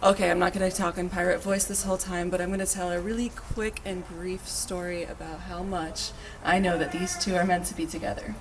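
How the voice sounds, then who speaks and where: A woman giving a short, playful toast to friends, with quick asides. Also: on the low side, flat delivery, noisy background. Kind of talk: brief humorous toast. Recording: distant mic with faint ambience.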